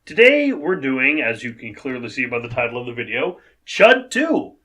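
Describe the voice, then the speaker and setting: A man's voice: mid-range voice, very animated, moderate pace, a bit bright. A man co-hosting a casual movie review show, wry and sarcastic. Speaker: podcast co-host.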